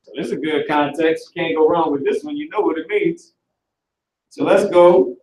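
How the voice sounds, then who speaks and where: A talkative male teacher leading a casual online class, narrating each step as he clicks through. His voice sits slightly high, and the recording is roomy and set back from the mic. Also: moderate pace, far from the mic. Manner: animated, talkative, works through the screen aloud.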